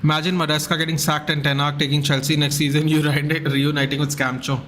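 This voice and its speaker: A man's voice: a little high, quick pace, a little hiss or hum. A man streaming a live football watchalong, chatting casually and reading out viewer comments. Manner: chatty, reads out viewer comments, excitable at goals.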